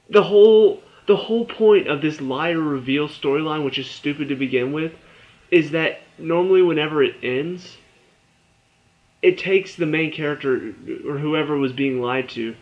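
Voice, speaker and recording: A man's voice: on the high side, normal speed, muffled recording. A young man giving a casual spoken TV review, ranting in exasperation and stumbling over his words. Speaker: TV review vlogger.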